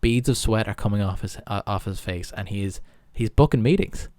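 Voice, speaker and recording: Irish man telling a lively story. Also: fairly low pitch, fairly quick, no echo. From Ireland. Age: young adult. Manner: animated, acts out other people's lines. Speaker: podcast guest. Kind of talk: casual storytelling.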